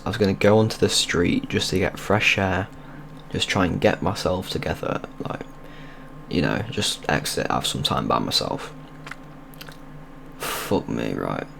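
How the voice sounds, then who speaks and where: A man's voice: deep voice, creaky, a bit bright, slight background noise. A young man, telling a rambling, sweary story in casual vlog style over gameplay. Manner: rambling, sweary and loose, with many restarts. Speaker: video creator.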